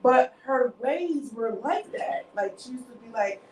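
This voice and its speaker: High-voiced woman telling a story from far off. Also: lively intonation, unhurried, darkish tone. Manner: storytelling, says "like" often. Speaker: discussion participant. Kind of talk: casual group discussion. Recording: echoey room, mic far off, clear noise.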